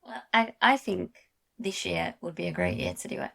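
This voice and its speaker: A woman co-hosting a podcast in casual chat, eager and quick to correct herself mid-sentence. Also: mid-range voice, huge pitch swings, gravelly, sharp tone. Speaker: podcast co-host.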